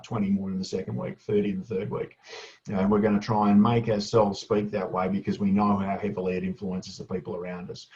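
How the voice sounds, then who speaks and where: A man giving a casual, energetic webinar tutorial to school leaders, chatty with asides. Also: on the low side. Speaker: education consultant presenting a webinar. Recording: dull lo-fi webinar audio.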